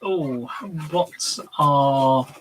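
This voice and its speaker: A man's voice: mid-range voice, extremely slow, rough recording. A man co-hosting a casual tabletop gaming chat, talking in a rambling, hesitant way with lots of fillers. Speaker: co-host.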